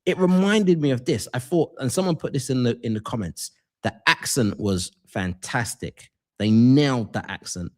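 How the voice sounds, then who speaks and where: Laid-back male co-host, mid-pitch. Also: moderate pace, darkish tone. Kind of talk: live stream chat show.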